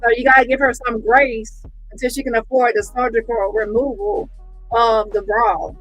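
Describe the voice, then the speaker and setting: A woman giving casual online commentary in a sarcastic, mocking and animated way. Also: fairly high pitch, moderate pace, muffled recording, faint music behind.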